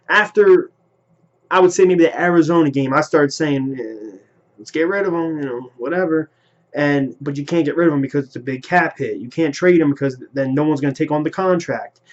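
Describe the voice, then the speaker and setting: A man delivering an angry, profane rant as a sports fan commentating on his team's trades. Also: fairly high pitch. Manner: heated, profane, rapid-fire ranting. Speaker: sports vlogger. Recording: lo-fi home recording.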